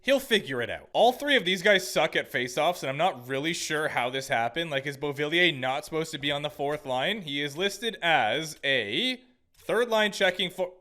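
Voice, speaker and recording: A man's voice: a little high, expressive, normal speed, sharp tone. A young man commentating his own sports video game season, chatty and sarcastic, talking back at the screen. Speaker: gaming commentator. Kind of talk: gameplay commentary.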